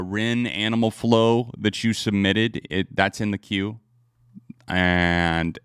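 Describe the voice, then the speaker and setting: A man casually chatting and reacting to songs on a live stream, relaxed and rambling, laughing often. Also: on the low side, clear, resonant tone, dry recording, clean studio sound.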